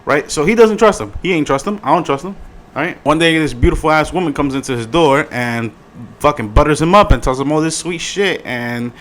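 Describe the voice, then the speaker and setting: A man giving a casual review in his vlog, swearing freely in an animated, slangy way. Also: a little high, brisk. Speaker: video reviewer.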